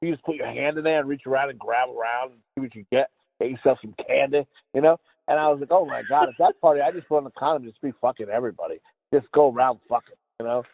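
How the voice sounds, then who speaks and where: A man with a gravelly, mid-range voice talks fast, co-hosting a podcast where he rambles through crude jokes and laughs a lot. The recording is dry and sounds tinny, almost like a phone.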